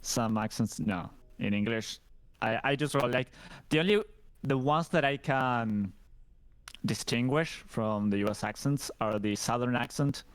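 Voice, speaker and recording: Argentine man guest, relaxed and agreeable, smooth voice, dry close mic. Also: medium pitch, unhurried, dry recording. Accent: Argentine Spanish. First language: Spanish. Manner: easygoing, agreeable, laughs readily. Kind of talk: casual chat.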